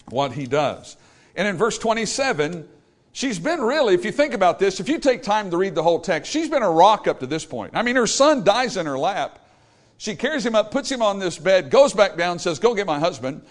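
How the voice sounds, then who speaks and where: Male preacher, slightly high voice, folksy storytelling sermon delivery. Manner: retells scripture in plain folksy terms, reads verses in King James wording.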